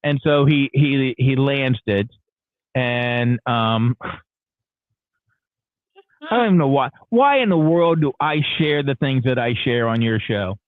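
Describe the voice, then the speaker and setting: Phoning in as a radio host, this man tells a lengthy, candid story in rambling morning-show chat, restarting often. His medium-pitched voice is animated yet slow with frequent pauses, coming through a tinny, echo-free phone line.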